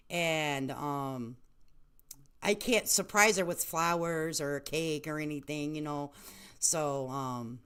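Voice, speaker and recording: A woman's voice: low voice, fairly bright tone, smooth. Woman, late 30s, livestream host; loose, affectionate chatter with frequent laughs. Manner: chatty, laughs often, calls viewers honey and baby. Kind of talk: casual livestream chat.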